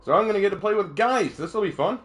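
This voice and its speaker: A man streaming a game with casual commentary, chatty and quick to laugh, telling stories with energy. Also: sits high. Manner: chatty, laughs often, animated storytelling.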